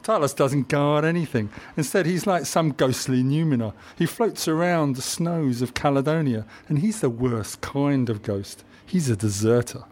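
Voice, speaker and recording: A man's voice: medium pitch, moderate pace, few pauses, a little mellow, close to an everyday voice. A man voicing a scornful male Roman soldier who taunts and mocks with open contempt. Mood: mocking.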